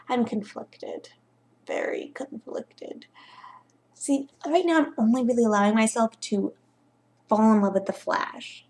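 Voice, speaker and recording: A woman's voice: fairly high pitch, measured pace, darkish tone. A young woman vlogging her reaction, rambling and fretful, now and then dropping into whispered asides. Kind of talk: casual reaction vlog.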